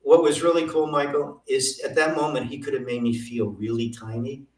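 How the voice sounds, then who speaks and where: Animated older man telling stories. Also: medium pitch, fairly quick. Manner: animated anecdotes, acting out quoted voices. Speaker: guest. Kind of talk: storytelling interview. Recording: roomy, from a distance.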